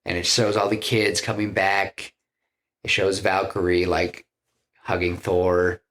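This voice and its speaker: A man's voice: sits low, little pitch movement, a little slow, fairly bright tone. A man on a podcast, telling a film scene by scene in a loose, rambling way and acting out the lines he quotes. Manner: loose, rambling with restarts and "you know". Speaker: podcast co-host pitching a film. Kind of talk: casual storytelling chat.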